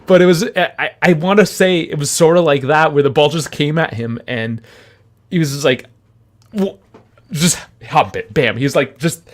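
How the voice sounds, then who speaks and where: A young man with a fairly high voice chats about football on a podcast. He wanders through anecdotes and breaks into laughter often. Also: normal speed. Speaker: podcast co-host. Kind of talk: casual football chat.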